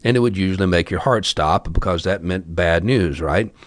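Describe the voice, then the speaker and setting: A man's voice: deep voice, normal speed, no room sound. A man telling a story casually, wry and chatty with asides to the listener.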